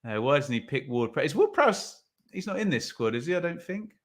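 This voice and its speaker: A man's voice: fairly high pitch, sing-song, a little fast. A man hosting a live football watch-along, commenting on play and reading viewer comments with wry asides.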